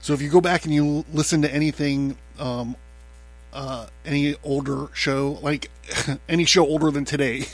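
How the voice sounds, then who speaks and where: A man's voice: fairly high pitch, fairly even intonation, normal speed, soft background music. A man hosting his own podcast, talking in a loose, rambling way, with lots of fillers, swearing and laughter. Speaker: podcast host. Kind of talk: casual rambling monologue.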